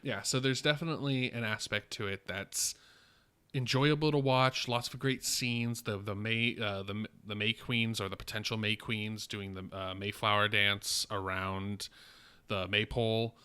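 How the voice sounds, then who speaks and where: A man with a lowish, bright and forward voice gives his take on a film on a casual podcast. He sounds measured and critical. He thinks aloud and restarts his sentences often. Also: fairly even intonation, smooth. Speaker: podcast co-host reviewing a film. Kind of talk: casual film review chat.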